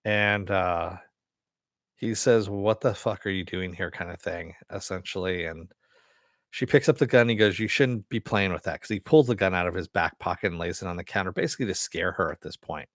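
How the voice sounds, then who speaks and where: Man, low voice, dry close sound, casual rambling recap, lots of fillers. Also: normal speed, fairly bright tone, no echo. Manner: loose, rambling retelling with many fillers and quoted lines. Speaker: TV episode reviewer.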